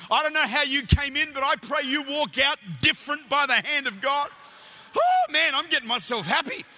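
An Australian man preaches with a very high, sharp, piercing voice, tumbling into excited stammers as he tells his stories. His sermon rings out through a church with a long, echoing hall reverb. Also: fairly quick. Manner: energetic, animated storytelling with stammered restarts.

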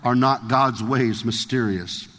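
Give me a man reading a resigned male physician, slow and low-key, echoing in a large hall. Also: a bit bright. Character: weary resigned male medical doctor.

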